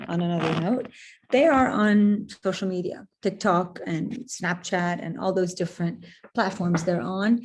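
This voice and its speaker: A woman's voice: mid-range voice, dark tone. A woman therapist giving an earnest webinar talk to parents, repeating points and saying "you know" and "um" often.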